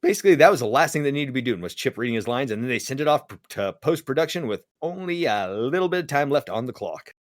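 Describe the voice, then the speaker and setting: Animated man telling a story. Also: medium pitch, fast, hardly any pauses, no echo. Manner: animated, acts out quoted voices. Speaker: podcast co-host. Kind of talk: casual storytelling chat.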